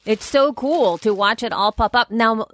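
A woman's voice: fairly high pitch, measured pace, fairly bright tone. A woman co-hosting a podcast in casual chat, reading out listener messages in a rambling, chatty way. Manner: chatty, rambling with restarts and laughs. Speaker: podcast co-host.

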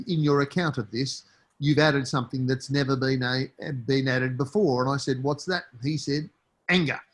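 A man's voice: medium pitch, fairly bright tone. A man, an author answering interview questions in a passionate, emphatic way, repeating phrases and building to indignant peaks.

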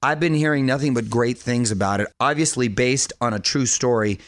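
A man's voice: medium pitch, a little fast, no echo. A man hosting a radio show in a studio, with an upbeat, punchy delivery. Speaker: radio host.

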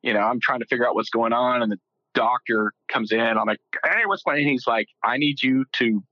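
A man's voice: medium pitch, steady tone, fairly quick, no room sound, highs cut off. A middle-aged man from Texas, a guest telling his story casually, rambling with fillers and joking.

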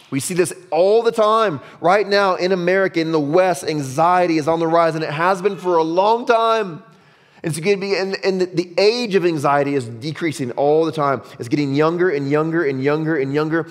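A man preaches a sermon in an easy, conversational way, often checking in with his listeners and dropping his voice low and soft to stress a point. His voice sits a little higher than most men's, and it carries a long reverb from the church hall. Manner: conversational preaching with frequent "right?" asides, drops low and soft for emphasis. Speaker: pastor.

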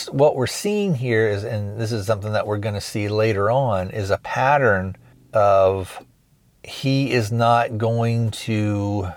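A man's voice: lowish voice, dry recording. A man hosting a podcast, casually retelling a movie scene by scene and slipping into short acted quotes. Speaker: podcast host reviewing a film. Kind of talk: casual spoken film recap.

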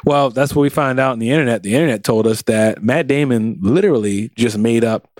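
A man co-hosting a casual podcast about movies, talking in an animated way and jumping his voice up high when he mocks something. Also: a little fast, dry recording, studio quality. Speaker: podcast co-host.

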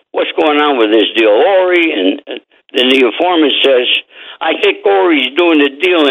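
A man's voice: on the high side, a bit bright. An older man telling blunt, streetwise stories as a guest on an interview show, swearing freely. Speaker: guest, former mob associate and author. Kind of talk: storytelling interview. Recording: phone line.

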